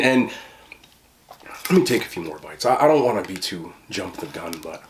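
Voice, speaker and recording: A man casually reviewing fast food on camera, chatting with fillers and talking through mouthfuls at a desk mic. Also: sits low, big pitch swings, a crowd in the background. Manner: chatty, talks while chewing, frequent fillers.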